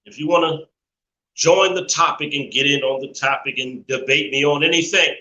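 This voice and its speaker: This man has a high, very bright and piercing voice that rings out in an echoey room. He hosts a live call-in stream in a preachy, opinionated way, stretching his points out slowly and laughing often. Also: lo-fi sound, slight background noise. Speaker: live show host.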